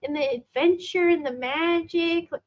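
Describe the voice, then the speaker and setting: A woman co-hosting a podcast in casual chat, excitable, swearing often and laughing a lot. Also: very high voice, normal speed, muffled recording. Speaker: podcast co-host.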